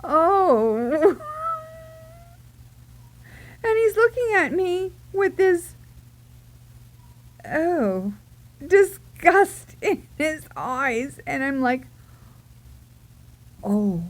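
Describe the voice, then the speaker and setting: A woman vlogger telling a funny personal story in a casual, animated way, giggling and acting out her own reactions. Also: very high voice, takes it slowly, pauses often.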